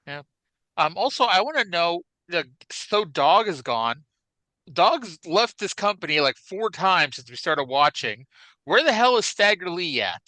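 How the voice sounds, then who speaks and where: A man riffing on a casual podcast, rambling and restarting his sentences as he goes. His voice is bright and punchy, and it jumps up and down in pitch. The sound is close and dry, with no room around it. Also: unhurried, no echo, low-quality recording. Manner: animated, rambling, frequent restarts and fillers. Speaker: podcast co-host. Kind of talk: casual chat about classic wrestling.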